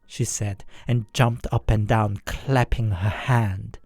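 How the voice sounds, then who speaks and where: A narrator telling a first-person horror story in a scripted, expressive way. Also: mid-range voice, takes it slowly, dry recording, soft background music.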